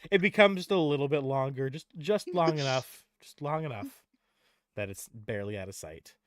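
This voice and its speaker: A man's voice: mid-range voice, animated, moderate pace, dry recording, clean studio sound. A man narrating as game master in a casual, laughing storytelling way.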